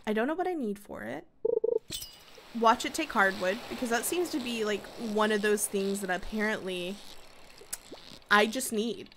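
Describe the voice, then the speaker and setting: A woman's voice: mid-range voice, normal speed, pauses often, fairly bright tone, a little hiss or hum. A young woman giving playful, chatty commentary while playing a farming game, talking to herself and her viewers. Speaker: gaming youtuber. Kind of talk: casual let's-play commentary.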